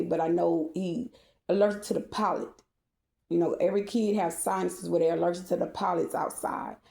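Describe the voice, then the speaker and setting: Mad mom ranting and cussing, gravelly dark voice, echoey room. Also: female voice, lowish voice. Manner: cursing, heated and repetitive, rising to shouting. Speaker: mother venting to viewers. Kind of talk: angry rant to camera.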